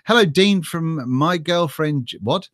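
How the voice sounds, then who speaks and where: A young man from Norfolk hosts a live stream, chatting loosely through viewers' messages. He rambles, jokes and swears casually, in a slightly high voice. The sound is dry and close, with no room echo. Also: expressive, unhurried, a bit bright. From Norfolk, England. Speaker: vlog host reading live chat.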